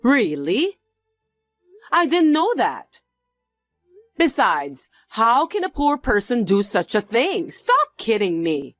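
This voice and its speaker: A woman acting out a condescending rich woman in a drama, taunting those below her in a lively, swooping voice. She speaks slowly and deliberately. The recording is dry and close, with faint music underneath. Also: on the high side, no room sound. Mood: indignant. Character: snobbish, mocking wealthy woman.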